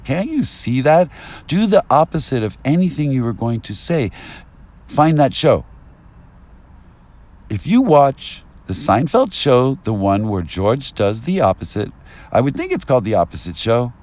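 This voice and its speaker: A man rambling through an agitated street monologue, at times rising to yelling, recorded outdoors on a binaural mic. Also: medium pitch. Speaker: vlogger.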